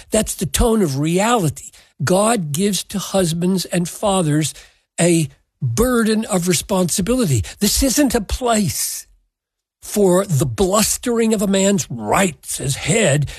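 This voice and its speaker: A man teaches from Scripture at an unhurried pace, leaning on key words with measured emphasis. His voice is husky, and the sound is close and dry with no room echo. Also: high voice, a little mellow. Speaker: Bible teacher. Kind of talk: Bible teaching.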